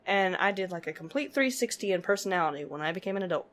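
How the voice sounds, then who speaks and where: A woman's voice: medium pitch, a little fast. Chatty woman vlogger telling a story. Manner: chatty, laughs often, full of "like" fillers. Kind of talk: casual storytelling vlog.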